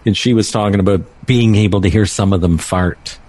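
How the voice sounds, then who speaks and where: A man's voice: on the low side, a little fast, darkish tone, a little hiss or hum. An older man co-hosting a radio show, chuckling along and telling stories. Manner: chuckling, agreeable, storytelling. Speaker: radio co-host. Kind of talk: casual radio chat.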